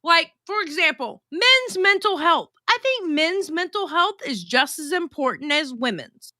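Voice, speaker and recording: A woman with a high, bright voice chats on a livestream, reading out viewer messages and gossiping bluntly. She swears freely. The sound is dry and close. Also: big pitch swings, unhurried, no echo. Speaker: livestream host reading chat. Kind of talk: casual livestream chat.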